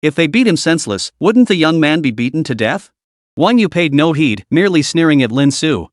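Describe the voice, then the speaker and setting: A man narrating a scripted story recap in a steady, dramatic way. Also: a little high, a little fast, dry recording, clean studio sound.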